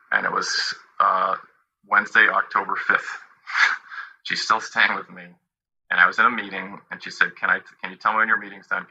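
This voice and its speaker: Husky man with a tense sharp voice. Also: low-pitched, highs cut off. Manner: halting, quoting past talks. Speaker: party in a dispute. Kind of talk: personal account.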